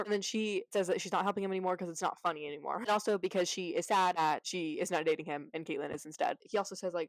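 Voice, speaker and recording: A woman's voice: lowish voice, rapid-fire, hardly any pauses, dry recording, rough recording. A woman recapping a movie in a casual, chatty way, sarcastic and full of fillers. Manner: chatty, sarcastic, heavy use of "like".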